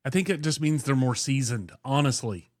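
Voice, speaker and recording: A man's voice: mid-range voice, normal speed. Dry, skeptical man on a podcast. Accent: Oklahoman. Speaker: podcast co-host. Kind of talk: casual banter.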